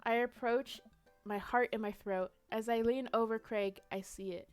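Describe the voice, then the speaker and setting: A young woman streams a detective role-play game over faint music, playfully narrating her moves, reading out story text, and laughing easily. Her voice is on the high side, smooth and steady in tone.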